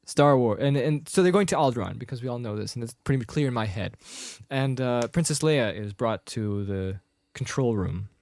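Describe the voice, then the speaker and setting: A young man co-hosting a podcast, retelling a film in casual chat with quick impressions. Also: medium pitch, a little mellow, dry recording. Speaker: podcast co-host.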